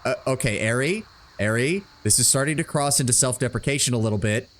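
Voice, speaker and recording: A man's voice: medium pitch, quick pace. A man commentating on a game live, casual, laughing often and swearing freely. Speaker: streamer playing a game.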